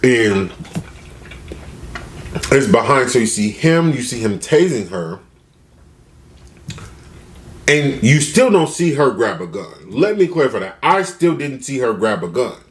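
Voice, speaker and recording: A man's voice: medium pitch, unhurried, long pauses. A man retelling a story casually for a food vlog, acting out the people he quotes. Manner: animated, acts out quotes with shifting voices. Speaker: mukbang vlogger.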